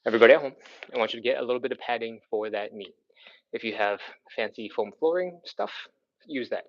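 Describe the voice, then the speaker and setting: A man's voice: medium pitch, muffled recording. A man leading a live stretching workout, counting reps and encouraging viewers while out of breath.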